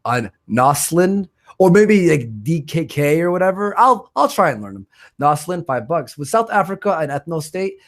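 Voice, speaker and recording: A man's voice: a little high, big pitch swings, moderate pace. A man hosting a live stream, casually reading out viewer donations, joking and stumbling over names. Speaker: stream host.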